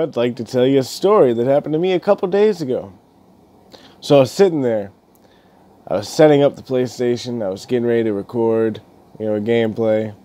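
A man's voice: medium pitch, warm tone. A young man telling rambling stories in a casual, swearing vlog rant, laughing as he goes. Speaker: gaming YouTuber.

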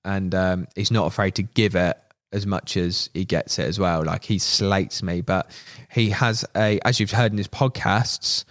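List man, low pitch, dry room, casual anecdotes, swearing, acts out voices. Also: steady tone, unhurried, no room sound. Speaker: podcast guest, media manager. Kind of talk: casual storytelling chat.

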